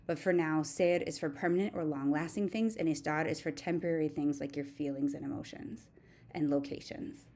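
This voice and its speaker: Low, mellow woman teaching grammar. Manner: steady, methodical, reciting conjugations one by one. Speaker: Spanish teacher. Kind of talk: recorded grammar lesson.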